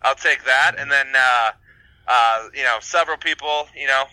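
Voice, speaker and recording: Very bright-voiced hesitant man. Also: medium pitch, normal speed, smooth, no room sound, poor audio. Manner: hesitant, many fillers and restarts. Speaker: podcast co-host. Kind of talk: casual chat.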